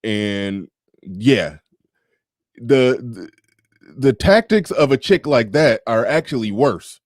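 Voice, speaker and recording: A man as a podcast guest in casual chat, animated, laughing often and repeating words as he restarts. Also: medium pitch, takes it slowly, no echo, clean studio sound.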